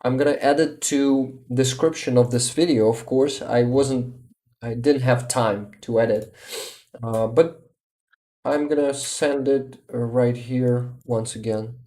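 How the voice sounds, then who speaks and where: Slow, tired Ukrainian man on stream. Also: mid-range voice, fairly even intonation, mellow. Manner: halting, searches for words, frequent restarts. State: exhausted. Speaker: livestream host. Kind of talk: casual livestream chat.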